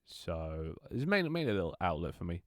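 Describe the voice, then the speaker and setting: A young Londoner with a very deep voice rambles to his stream viewers, cursing casually, stumbling, restarting and laughing often. He's highly animated and fairly quick. The audio is dry, close and echo-free.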